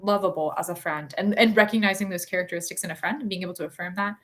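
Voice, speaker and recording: A woman's voice: fairly low pitch, steady tone, very fast, fairly bright tone. A woman in her thirties, a guest author on a podcast, talking earnestly and thoughtfully with many fillers and restarts. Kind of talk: conversational interview.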